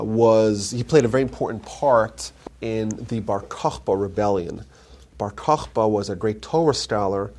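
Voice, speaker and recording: A man giving a live lecture on Jewish history, retelling stories with animated emphasis and frequent restarts, in a community centre lecture room. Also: on the low side.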